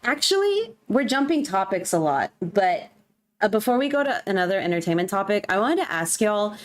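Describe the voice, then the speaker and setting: A woman's voice: mid-range voice, expressive, brisk. A woman, streaming a game and chatting casually, gushing and poking fun at herself. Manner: chatty, gushing, self-mocking. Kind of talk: casual chat while gaming.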